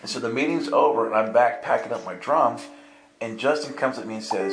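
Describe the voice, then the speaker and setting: Speaking a little fast in a medium-pitched voice, this man preaches a storytelling sermon, animatedly acting out voices and laughing as he goes. Soft instrumental music plays beneath him in an echoey room.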